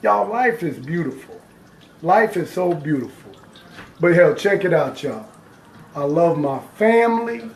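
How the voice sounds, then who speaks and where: Upbeat high-voiced man cooking live. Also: animated, measured pace, roomy sound. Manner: chatty and upbeat, addresses viewers as y'all. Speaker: home cook hosting a live stream. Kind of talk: casual live cooking chat.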